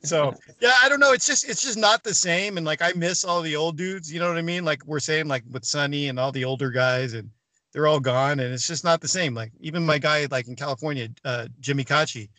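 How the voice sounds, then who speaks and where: Brief: forceful middle-aged male guest. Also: on the high side, a little fast, dry recording. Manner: animated, acts out quoted dialogue, swears freely. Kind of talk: casual storytelling.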